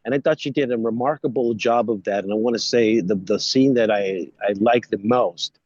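A man's voice: fairly low pitch, moderate pace, darkish tone, husky, no echo, muffled recording. A man co-hosting a casual chat show, enthusiastic and laughing a lot. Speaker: podcast co-host.

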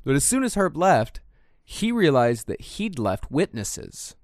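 A man's voice: on the high side, big pitch swings, measured pace, a little mellow, no room sound, studio quality. A man hosting a true crime podcast, narrating the case bluntly with profane asides. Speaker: podcast host.

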